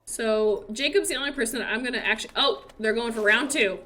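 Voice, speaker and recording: A young woman chatting casually while playing a life-simulation game, apologetic, playful and quick to laugh. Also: on the high side, pushed and bright. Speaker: gaming streamer.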